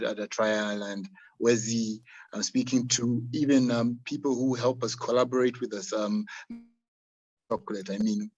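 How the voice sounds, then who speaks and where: A man from Uganda who makes chocolate with farmers, answering a panel question haltingly over a video call and repeating words. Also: lowish voice, muffled recording. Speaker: chocolate maker working with farmers.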